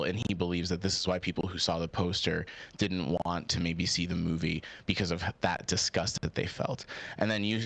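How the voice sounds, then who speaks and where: Low-voiced man, hesitant questioning. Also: fairly bright tone. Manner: hesitant, filler-heavy questioning. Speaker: interviewer. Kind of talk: casual debate-style interview.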